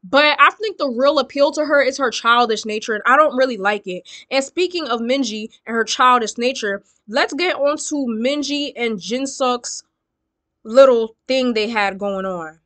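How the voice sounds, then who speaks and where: A young woman talks in a high, bright voice that sounds dry and close to the mic. She gives blunt, sassy vlog commentary with plenty of swearing. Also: normal speed, no room sound. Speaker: reality show commentator.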